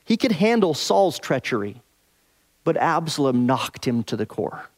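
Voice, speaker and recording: A pastor with a fairly high voice delivers an earnest expository sermon. He presses hard on some phrases, then drops soft and slow on others. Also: very animated.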